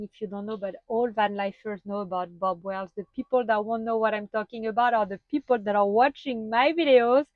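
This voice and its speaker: A French-accented vlogger gives a casual tour of her van, speaking slowly and a little high, chatty but halting with frequent fillers and small laughs. The close recording in the small van sounds dry and slightly dull, with no echo.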